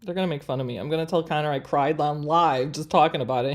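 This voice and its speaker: Woman, forties, craft stream host, chatty with viewers, low-ish voice. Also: fast talker, hardly any pauses. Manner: chatty, talks to viewers as friends while working. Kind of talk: live screen-share tutorial with viewer chat.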